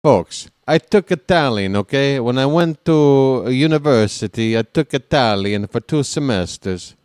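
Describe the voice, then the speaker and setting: Guy doing fan baseball play-by-play, slow easy delivery, clean smooth voice, gets loud on big hits. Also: mid-range voice, lively intonation, no room sound, studio quality. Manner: chatty, wry asides, erupts on big hits. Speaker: play-by-play commentator. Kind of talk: fan live play-by-play commentary.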